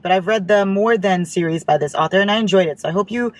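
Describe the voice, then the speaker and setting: Gushing, excitable young woman book vlogger. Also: medium pitch, quick pace, hardly any pauses, no room sound. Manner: gushing, excitable, swears casually, giggly. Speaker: book vlogger opening fan mail. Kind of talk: casual chat.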